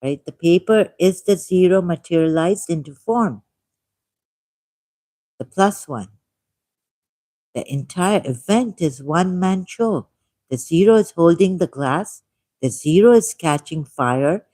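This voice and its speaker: A man with a Pakistani accent hosting a livestream, reading a text aloud at a deliberate pace with musing asides and repeated key words. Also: a little high, expressive, a little mellow, no room sound. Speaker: livestream host.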